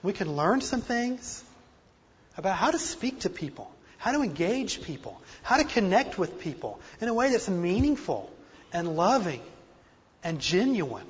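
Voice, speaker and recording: Husky high-voiced man preaching in a hall. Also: sing-song, measured pace. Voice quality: slight speech impediment. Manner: earnest, self-deprecating, varies loudness for emphasis. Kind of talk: sermon. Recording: dull lo-fi recording in a reverberant hall.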